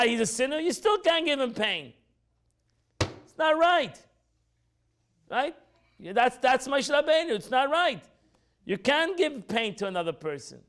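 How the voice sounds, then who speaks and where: A man teaching an informal Torah class as a rabbi, animated and repetitive, acting out quotes as he explains. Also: very high-pitched. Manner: animated, repeats phrases, acts out quotes.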